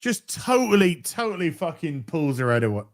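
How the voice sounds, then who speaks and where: A man's voice: on the high side, sing-song, moderate pace. A man hosting a live stream who chats casually to his viewers, swearing freely and often restarting his phrases. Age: middle-aged. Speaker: livestream host.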